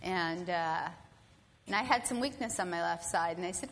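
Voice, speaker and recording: A woman's voice: fairly low pitch, normal speed, slight background noise. Woman telling a story in a reverberant hall. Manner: animated, acts out quoted voices. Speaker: storyteller speaking to an audience. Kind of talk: personal storytelling. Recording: long hall reverb, faint ambience.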